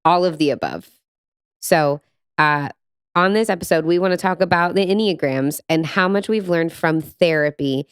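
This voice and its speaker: Brief: woman, podcast co-host, smooth low voice, dry close mic. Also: moderate pace, no room sound. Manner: expressive storyteller, laughs easily. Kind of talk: casual chat.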